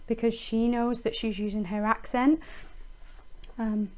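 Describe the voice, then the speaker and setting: A woman's voice: fairly high pitch, fairly even intonation, measured pace. A woman teacher explaining a poem in a recorded lesson, thinking aloud with frequent ums and restarts.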